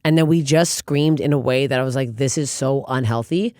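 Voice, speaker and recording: Fast, animated woman comedian storyteller. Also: rumbling low, no echo, studio quality. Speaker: comedian guest. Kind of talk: casual podcast chat.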